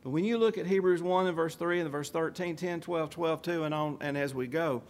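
A man preaching a sermon in a fairly high voice. He quotes scripture at length and presses his key points with emphatic rises. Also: fairly quick.

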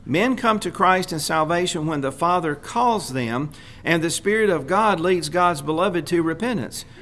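A man preaching a sermon, speaking deliberately and repeating key phrases for emphasis. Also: a little high, animated, a bit bright.

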